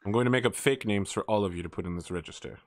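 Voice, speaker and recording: A man voicing a composed undercover male agent, polite and measured. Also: lowish voice, no room sound, close to an everyday voice.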